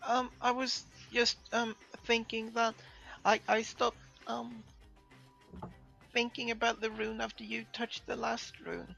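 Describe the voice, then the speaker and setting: A woman playing a tabletop game, speaking hesitantly with many pauses and ums, in a slightly dull recording. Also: on the high side, level tone, gravelly, sharp tone, faint music behind. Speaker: player. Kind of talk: tabletop role-play chat.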